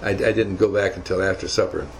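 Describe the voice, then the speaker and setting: Gravelly older man telling stories. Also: sits low, little pitch movement, quick pace, slight background noise, rough recording. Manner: emphatic, repetitive, rambling. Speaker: speaker recounting navy service. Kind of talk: motivational storytelling talk.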